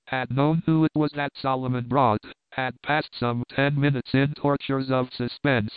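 A man narrating a classic novel aloud in a measured, even reading. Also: mid-range voice, clean tone, no room sound. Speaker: audiobook narrator. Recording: dry, phone-like narrow sound.

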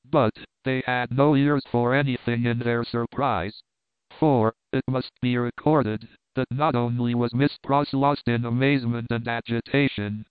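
Smooth-voiced man narrating a classic novel. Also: medium pitch, dry recording. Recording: dry tinny phone-like sound.

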